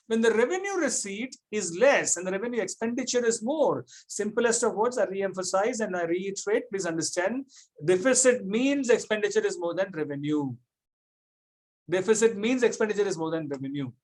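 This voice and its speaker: A man teaching a classroom economics lecture, repeating points and checking often that students follow. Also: high voice.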